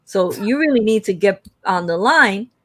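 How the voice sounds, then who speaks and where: A woman co-hosting a livestream, telling a lively story in casual chat and acting out the quoted lines with big jumps in pitch. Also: normal speed, dry recording. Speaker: livestream co-host.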